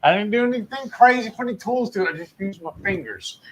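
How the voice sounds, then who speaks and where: A man's voice: high voice, animated, fast talker, fairly bright tone, rough recording. A man co-hosting a casual livestream, trading short, dry, teasing quips. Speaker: co-host.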